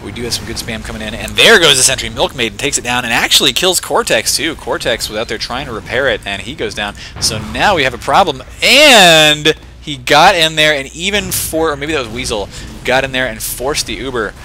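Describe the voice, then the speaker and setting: A man calls a competitive game match live in play-by-play style, with a bright, forceful tone. He stays excitable and throws in joking asides. His pitch sits in an ordinary middle range, with a faint hiss of noise underneath. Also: a little fast. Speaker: esports shoutcaster.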